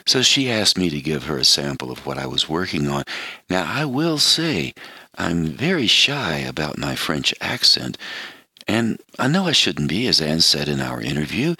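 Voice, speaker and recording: An American man in his seventies telling a reflective personal story in an animated, swooping way. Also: rumbling low, normal speed, husky, no echo.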